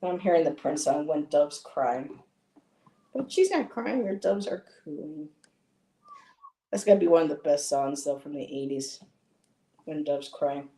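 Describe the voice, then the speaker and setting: A woman's voice: deep voice, a little slow, long pauses, warm tone. A woman in her fifties hosting a casual livestream while painting, chatting in long rambling anecdotes and laughing often. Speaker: livestream host. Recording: echoey room.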